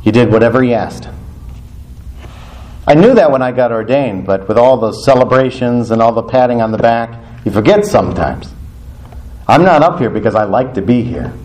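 A man's voice: medium pitch, expressive, moderate pace, a little mellow. A male priest preaching in a church, telling stories animatedly, often laughing and acting out the dialogue. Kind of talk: storytelling sermon.

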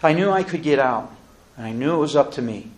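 A man giving an earnest, solemn spoken testimony, speaking deliberately with pauses and restarts. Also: fairly high pitch, lively intonation.

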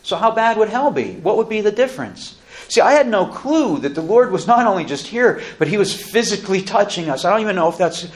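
A man giving an earnest, solemn spoken testimony, speaking deliberately with pauses and restarts. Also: sits high, sing-song.

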